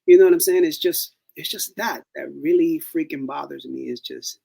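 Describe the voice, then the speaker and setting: A man's voice: on the high side, moderate pace, creaky, husky, rough recording. A man co-hosting a podcast in casual chat, telling stories and slipping into playful voices. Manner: animated storytelling with playful put-on voices. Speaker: podcast co-host.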